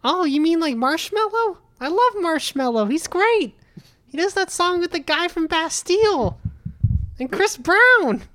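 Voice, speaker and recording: A man putting on a squeaky, gushing airhead fan. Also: sing-song, unhurried, bright, forceful tone, dry recording, exaggerated voice. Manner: gushing, high squeaky put-on voice. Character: giddy airheaded young male pop fan.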